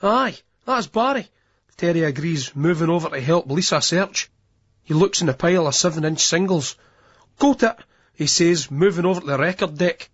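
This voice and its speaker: A man narrating an audiobook in a steady storytelling manner, in a dull lo-fi recording. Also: on the high side, fairly quick, husky. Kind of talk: scripted narration.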